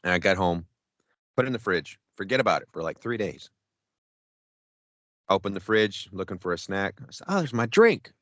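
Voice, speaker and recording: A low-voiced podcast co-host talks at a moderate pace and pauses often, captured on a dry, lo-fi recording. His chat is casual and full of swearing as he rambles through an animated story, re-enacting his own quotes.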